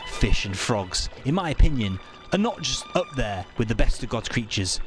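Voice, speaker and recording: A man's voice: medium pitch, wildly swooping pitch, moderate pace. A man voicing a pious, naive, prim young man who gushes with devotion and panics easily, from an audio drama clip. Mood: delighted. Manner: prim and effusive, rising to panicked squeals. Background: music.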